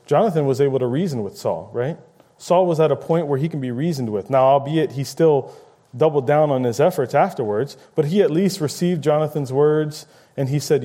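A man's voice: on the high side, lively intonation, fairly quick, dark tone. A man preaching a conversational sermon, paraphrasing scripture and acting out quoted lines with rising emphasis.

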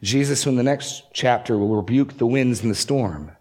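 A man's voice: medium pitch, normal speed, darkish tone. A man preaching a sermon, expository and emphatic, pushing up and dropping down to stress key words. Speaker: pastor.

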